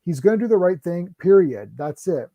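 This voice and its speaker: A man hosting a livestream in casual chat, excitable and stumbling over his words as he restarts sentences. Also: sits high, moderate pace, no echo, highs cut off. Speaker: livestream host.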